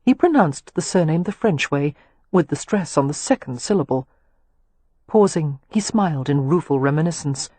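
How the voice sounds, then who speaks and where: Breathy woman narrating a novel. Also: low-pitched, no echo. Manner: measured, even storytelling. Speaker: audiobook narrator. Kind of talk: scripted narration.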